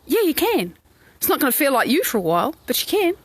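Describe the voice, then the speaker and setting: A woman's voice: high-pitched, big pitch swings, fast, no room sound. A woman coach, talking in a live coaching stream, acting out quoted inner voices with lots of expression. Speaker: life coach. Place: outdoors in the sun.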